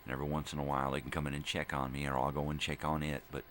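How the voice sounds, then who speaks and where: An older man hosting a morning vlog, chatting in a slow, drifting, rambling way, drowsy from cold medicine. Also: a bass voice, monotone, a bit bright, a little hiss or hum. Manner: slow, drifting, full of fillers and wordplay. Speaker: vlog host.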